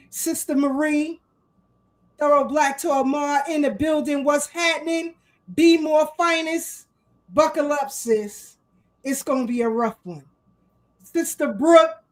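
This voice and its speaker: Fired-up woman hosting a live talk show, high voice, lots of shout-outs. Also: low-quality recording. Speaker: host. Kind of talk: casual livestream talk show.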